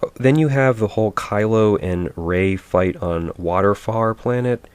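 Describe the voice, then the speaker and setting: A man with a low, deep voice talks through a movie review in a mocking, sarcastic tone. He rambles offhand from scene to scene, pausing with fillers as he picks his next complaint. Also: smooth. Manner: mocking, mimics characters in silly voices.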